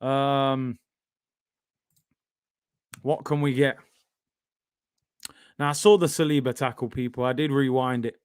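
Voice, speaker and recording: A man with a British accent hosting a live football watch-along, bantering excitably and reading out viewer comments. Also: mid-range voice, slow pace, pauses often, clean tone, no room sound, studio quality.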